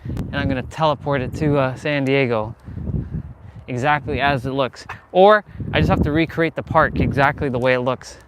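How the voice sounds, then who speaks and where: A man live-streaming from an outdoor park, musing in a rambling, unhurried way while he swings. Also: medium pitch. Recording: noisy outdoor recording.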